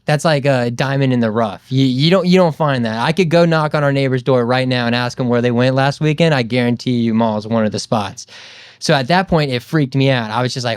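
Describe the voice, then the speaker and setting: Brief: young guy, 20s, smooth voice, chatty rambling storyteller, dry close mic. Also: mid-range voice, no room sound. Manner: rambling, loose, lots of fillers and "dude". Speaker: podcast guest. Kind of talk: casual storytelling chat.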